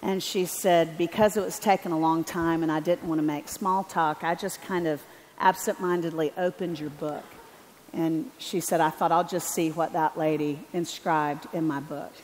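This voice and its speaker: A woman preaches to a large conference, her voice slightly low and carrying a long reverb from the hall. She tells her story animatedly and slips into the voices of the people she quotes. A faint hum of ambience sits underneath. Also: steady tone, moderate pace, a little mellow. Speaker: conference speaker. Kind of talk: storytelling sermon. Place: large arena. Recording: echoey arena with faint ambience.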